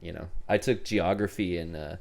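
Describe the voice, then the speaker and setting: A man's voice: low-pitched, normal speed, gravelly. A man hosting a casual podcast chat, rambling and laughing often. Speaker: podcast host.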